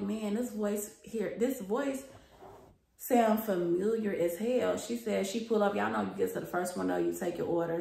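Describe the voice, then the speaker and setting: A woman's voice: on the low side, creaky, mellow. A young adult woman telling a casual storytime to her viewers, chatty, gossipy and freely profane. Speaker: storytime vlogger. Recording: roomy echo.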